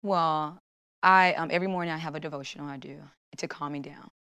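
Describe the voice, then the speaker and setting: Young woman, slightly low voice, casual interview chat, animated storytelling. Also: a little fast, clear, resonant tone. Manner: animated storytelling, acts out her own thoughts in quotes. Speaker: guest, Olympic long jumper.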